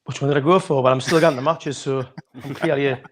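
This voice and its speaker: A man's voice: medium pitch, steady tone, quick pace. A middle-aged man, a guest on a fan podcast, answering candidly in long reflective sentences over a video call.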